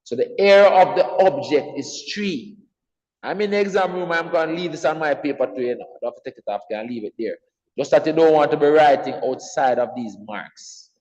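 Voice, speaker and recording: A man's voice: fairly high pitch, a little fast, a little mellow, highs cut off. Patient male math teacher, reverberant room. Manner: patient, repeats key points, checks in with "all right?". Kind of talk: exam revision lesson.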